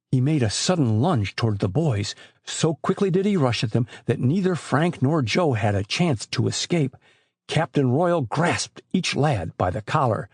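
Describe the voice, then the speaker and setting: A man's voice: medium pitch, unhurried, husky, no echo, studio quality. A man narrating an adventure novel as an audiobook, telling it expressively. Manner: expressive storytelling.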